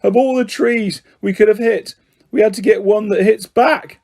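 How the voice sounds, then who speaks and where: A man voicing an anxious teenage wizard boy who gets jumpy and shouts when scared, in an audiobook reading. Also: sits high, lively intonation, no echo, studio quality, pitched above the performer's own voice. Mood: miserable.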